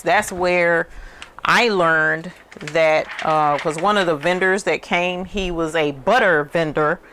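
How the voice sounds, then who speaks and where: Woman host, low, gravelly voice, rambling chatty work-vlog talk. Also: a bit bright. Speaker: channel host. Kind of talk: casual chat while working.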